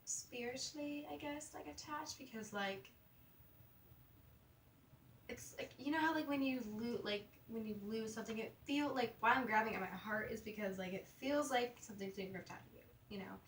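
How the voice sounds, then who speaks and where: A woman's voice: a little high, moderate pace, distant mic. A young woman chats in a loose, rambling vlog, her sentences stuffed with "like" and "you know" and broken by stutters and mumbles. She sounds a bit away from the mic, in a roomy space with a faint hum behind her. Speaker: vlogger. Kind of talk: casual confessional vlog.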